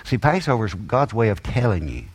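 A man's voice: lowish voice, big pitch swings, a little fast, husky. A man preaching a sermon with an emphatic, rising and falling cadence and folksy grammar.

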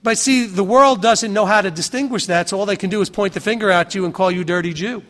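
High-voiced male preacher, conversational sermon, mimics scoffers, rhetorical questions. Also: quick pace, a bit bright. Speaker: pastor.

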